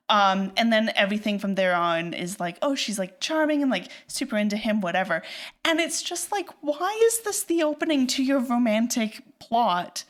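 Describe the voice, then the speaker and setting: A woman co-hosting a movie podcast, talking in loose, casual chat. She rants with real heat, her pitch leaping around as she acts out bits of dialogue, and "like" fills her sentences. The sound is close and conversational. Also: moderate pace. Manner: animated ranting, heavy use of "like", acts out quoted lines. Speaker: podcast co-host. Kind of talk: casual film discussion.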